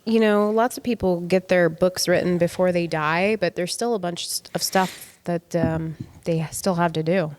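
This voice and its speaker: Soft-spoken female co-host. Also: fairly low pitch, fairly even intonation, moderate pace, hardly any pauses, slight background noise. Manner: soft-spoken, meandering, hesitant. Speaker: podcast co-host. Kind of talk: casual banter.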